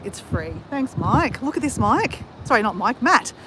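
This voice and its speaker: Woman, Australian accent, enthusiastic live-stream vlogger, slightly high voice, wind noise on the phone mic. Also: very animated, normal speed. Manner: enthusiastic, addresses viewers constantly. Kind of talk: casual live-stream chat. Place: outdoors on a windy coastal walk. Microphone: phone held for live stream. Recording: wind-buffeted phone recording outdoors.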